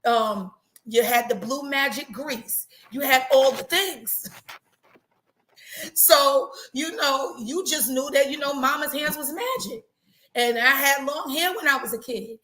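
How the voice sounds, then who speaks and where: A woman hosting a casual live talk, chatty and animated, repeating herself for emphasis. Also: high voice, roomy sound, a little hiss or hum. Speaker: host.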